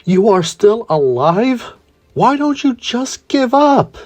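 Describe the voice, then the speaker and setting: A man voicing a shrill, unhinged male villain leader in a fan-made story, with a high-pitched, screeching delivery. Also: expressive, unhurried, a little mellow, natural voice. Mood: taunting.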